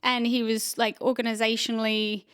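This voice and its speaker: An actor and comedian appearing as a podcast guest rambles through a story in casual chat, full of fillers and restarts. Her fairly high, bright, clear and resonant voice moves little in pitch at a moderate pace, recorded in studio quality with no echo.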